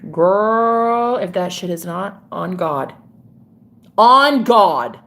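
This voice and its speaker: A woman's voice: mid-range voice, animated, very slow, fairly bright tone. A woman tarot reader chatting on a live stream, gushing and swearing freely as she talks to viewers.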